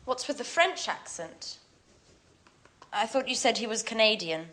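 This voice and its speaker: An actress playing a curious, teasing friend in a scripted language-course drama. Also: female voice, on the high side, animated, a little slow, a bit bright.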